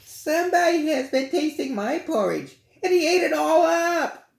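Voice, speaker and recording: A man voicing a tiny, tearful baby boy bear in a squeaky high falsetto, drawn out and wailing. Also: lively intonation, moderate pace, gravelly, heavily acted. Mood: whiny. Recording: roomy echo.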